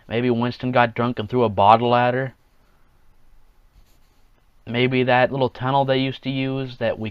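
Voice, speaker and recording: A man's voice: medium pitch, clean tone, dry recording, dull audio. A man hosting a casual solo podcast, rambling along, chuckling at his own jokes and acting out quotes in offhand voices. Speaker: podcast host.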